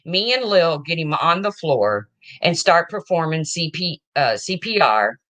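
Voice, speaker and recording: A woman with a low, bright, forceful voice tells a personal story to her viewers. She talks frankly and emotionally, swears without a second thought and keeps checking in with her audience. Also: very animated, measured pace. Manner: frank, emotional, swears casually, asks okay?. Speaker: vlogger. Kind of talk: casual storytelling to camera.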